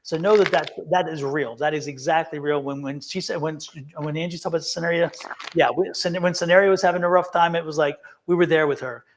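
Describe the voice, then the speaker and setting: A man's voice: on the high side, fairly even intonation, fast talker, slight background noise. A man co-hosting a live tarot stream, talking in an earnest, emphatic way and often repeating himself. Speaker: tarot reader, co-host. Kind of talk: casual live-stream chat.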